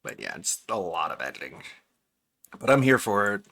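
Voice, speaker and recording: A man hosting a live stream, chatting in a relaxed, rambling way about editing and the clip. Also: lowish voice, moderate pace, vocal fry. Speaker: streamer host. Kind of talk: casual stream chat.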